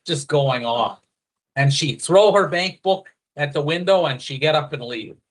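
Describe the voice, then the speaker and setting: A man telling a story in casual chat, animated and profane, slipping into quoted voices. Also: a little high, unhurried. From a foreigner living in Thailand.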